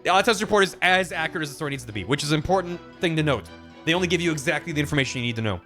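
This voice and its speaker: A male streamer cracking quick asides as he plays, his voice somewhat high and very lively in pitch. Game music plays clearly under his talk. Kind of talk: casual game commentary.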